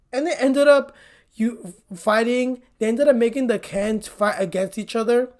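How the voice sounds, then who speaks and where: Woman vlogger, casual movie recap, blunt and chatty with frequent swearing, mid-pitched voice. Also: a little mellow. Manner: chatty and blunt, swears often, says "like" a lot.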